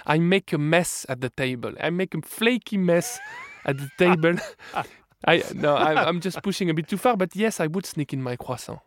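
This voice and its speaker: A man's voice: fairly high pitch, moderate pace. A man from France with a French accent, a cookbook author chatting playfully as a radio guest. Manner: playful, animated, many restarts. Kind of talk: casual radio interview.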